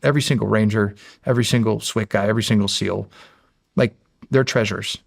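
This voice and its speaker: Gravelly low-voiced man telling war stories. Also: steady tone, a little fast, no room sound, studio quality. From Erie, Pennsylvania. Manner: rambling, profane, restarts phrases, acts out quoted dialogue. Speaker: guest, former Navy SEAL. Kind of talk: casual interview storytelling.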